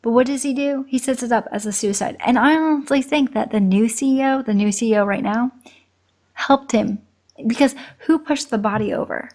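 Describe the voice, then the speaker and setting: A woman co-hosting a drama review video, talking in a casual, animated and exasperated way. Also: fairly high pitch, brisk. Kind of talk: casual chat.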